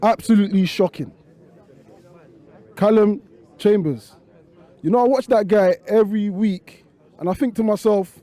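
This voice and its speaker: A man's voice: sits high, a little slow, long pauses, warm tone. A man, a football fan, bluntly criticising players to camera. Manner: blunt, cutting, dismissive. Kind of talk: angry fan rant to camera.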